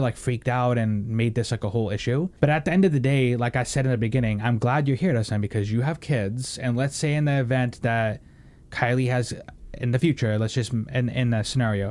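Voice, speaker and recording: A young man hosting a casual podcast chat, talking in a rambling, animated way with plenty of swearing and fillers. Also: medium pitch. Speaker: podcast host.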